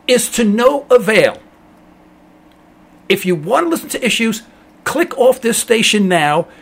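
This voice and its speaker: A man's voice: sits high, fairly bright tone, breathy edge. A middle-aged man hosting a talk radio show, ranting emphatically in a rambling monologue and mocking callers in a dopey voice.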